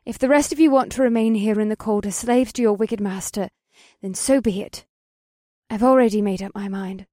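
A woman's voice: medium pitch, normal speed, dark tone, no room sound, clean studio sound, lightly acted. A woman voicing proud, defiant siren sea women who speak firmly. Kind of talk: audiobook character voice.

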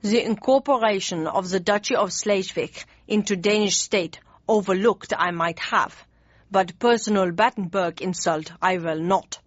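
A woman with a natural, medium-pitched voice gives a pompous, blustering performance as a hot-tempered elderly German chancellor, his formal speech stiff and muddled. Her delivery is slow, heavy and deliberate, recorded as a dry, slightly dull studio audiobook read with no room sound.

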